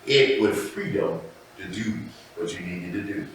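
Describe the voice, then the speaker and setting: A man preaching a sermon as pastor, telling stories and calling out "amen?" to the congregation, swinging between loud and soft. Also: low-pitched, animated, measured pace, slight background noise. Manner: call-and-response preaching, repeating "amen?"; storytelling preacher with sudden loud and soft turns. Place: church sanctuary. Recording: echoey church hall, mic at a distance. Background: congregation responding.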